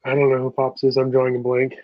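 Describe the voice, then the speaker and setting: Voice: medium pitch, monotone, quick pace, no room sound. Laid-back, hesitant voice, dry and lo-fi. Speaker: co-host of a live comics stream. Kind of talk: casual chat. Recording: dry, dull lo-fi stream audio.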